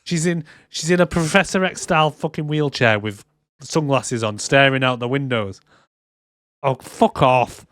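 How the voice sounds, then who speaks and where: A man co-hosting a casual movie review podcast, sarcastic and quick to swear as he acts out scenes. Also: medium pitch, a bit bright, no echo, clean studio sound. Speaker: podcast co-host.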